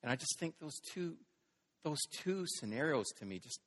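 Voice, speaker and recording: A man preaching a sermon, dramatic, moving between hushed quiet lines and loud scripture reading. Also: fairly high pitch, sing-song, normal speed. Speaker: pastor. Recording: long reverb of a large hall.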